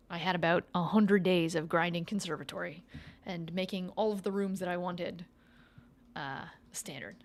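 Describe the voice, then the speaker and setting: A young woman streaming a video game, chatting playfully with her live chat and thinking aloud as she plays. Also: mid-range voice. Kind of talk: casual gameplay commentary to a live chat.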